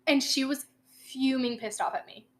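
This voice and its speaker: Young woman co-host, high voice, lively profane storyteller who acts out quotes. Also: normal speed. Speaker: podcast co-host. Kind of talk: casual storytelling chat.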